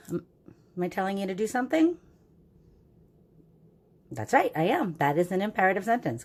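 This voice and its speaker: A woman's voice: medium pitch, big pitch swings, moderate pace, pauses often, a little mellow. A woman teacher giving a recorded grammar lesson to young children, upbeat and patient, with a sing-song voice that keeps checking in with "right?".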